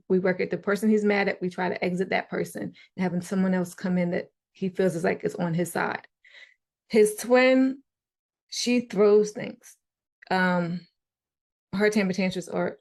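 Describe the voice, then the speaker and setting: Woman, gravelly edge, chatty, animated storytelling, podcast guest. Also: medium pitch. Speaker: guest parent. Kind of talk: casual podcast interview.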